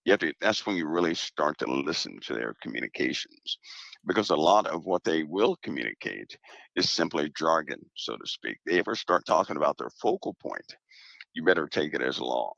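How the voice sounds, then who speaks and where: Super deep gravelly guy, guest on a show, hammers his points home, kinda muffled. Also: fairly quick, no echo. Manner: steady, emphatic, repeats key points. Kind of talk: casual talk on a show.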